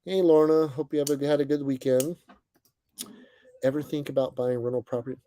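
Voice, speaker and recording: Relaxed young man chatting on a livestream. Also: mid-range voice, brisk, a little hiss or hum. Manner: relaxed, friendly, chatty with many fillers. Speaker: livestream host. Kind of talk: casual chat reading viewer comments. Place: bus, indoors.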